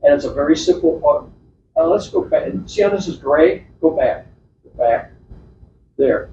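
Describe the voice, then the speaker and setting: Speaking a little slowly, a man with a fairly high voice and lively intonation chats his way through an informal slide presentation at a club meeting. He wanders off topic, restarts sentences, and uses lots of fillers. Background noise sits under the echoey, distant, dull recording of the meeting room.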